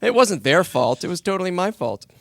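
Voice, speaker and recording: A man, a voice actor telling a lively anecdote on a panel and acting out the lines he quotes. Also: high voice, fairly quick, no echo. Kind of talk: casual storytelling on a panel.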